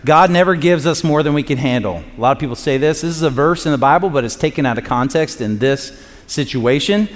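A pastor delivers a sermon in a loose, conversational style, his slightly high voice moving a little fast as he cracks jokes and acts out quotes between points. A long reverb from a large hall rings around him.

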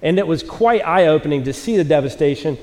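A man in his forties preaches a sermon in a church auditorium with a live audience, and his voice sits high. He tells a self-mocking story in a loose, casual way and acts out the quotes. The sound carries a long reverb from the big hall. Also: animated, fairly quick, a little mellow. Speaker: pastor.

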